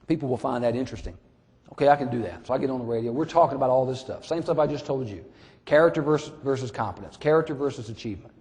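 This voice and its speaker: Storytelling sheriff in an echoey hall. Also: male voice, mid-range voice, racing. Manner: anecdotal, conversational, animated retelling. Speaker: sheriff teaching law enforcement. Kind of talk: storytelling lecture. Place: lecture hall. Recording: long reverb of a hall.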